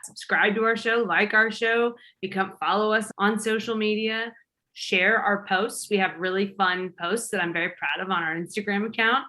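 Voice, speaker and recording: A woman's voice: medium pitch, steady tone, normal speed, bright, forceful tone. A woman co-hosting a podcast in casual banter, playful and teasing, happy to mock herself. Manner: playful, teasing, self-mocking. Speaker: podcast co-host.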